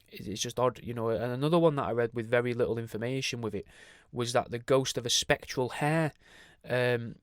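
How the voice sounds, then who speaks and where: A man's voice: mid-range voice, clear, resonant tone, no echo, studio quality. A man hosting a podcast alone, chatting casually in a rambling, sweary way, with many asides and restarts. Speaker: podcast host. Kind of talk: casual solo podcast monologue.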